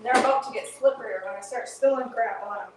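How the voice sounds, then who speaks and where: A chatty woman hosts a live cooking show from her home kitchen, talking herself through each step and calling her viewers "girl." Her voice sits a bit high, and the room around her rings with echo and a faint hiss. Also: fast. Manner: chatty, talks to herself and viewers while working; folksy slang, calls viewers girl.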